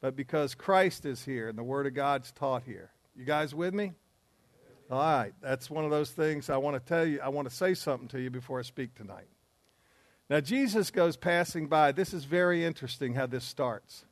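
A man's voice: medium pitch, moderate pace, no echo. A man teaching a men's group in an earnest, emphatic preaching style, with asides along the way.

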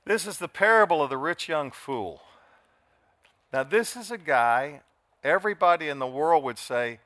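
Older male pastor, drawl, bright and slightly high voice, dramatic sermon delivery. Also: lively intonation, normal speed, dry recording. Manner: dramatic, shifts from soft to shouting.

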